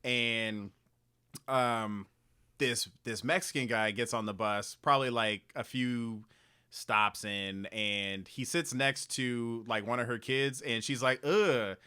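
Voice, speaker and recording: A young man co-hosting a casual podcast, telling stories in a relaxed way and swearing casually. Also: medium pitch, slow pace, clear, resonant tone. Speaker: podcast co-host. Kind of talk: casual storytelling chat.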